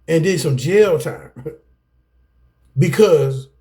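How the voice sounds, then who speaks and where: A man teaches to the camera, and his voice sits high and swoops up and down. He talks in a preaching rhythm, calls the viewers y'all, and keeps dissolving into laughter and restarting his sentences. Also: expressive, drawn-out words, warm tone. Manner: laughs often, breaks off mid-sentence, repeats himself. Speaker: self-help video teacher. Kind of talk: preachy talk to camera about anger.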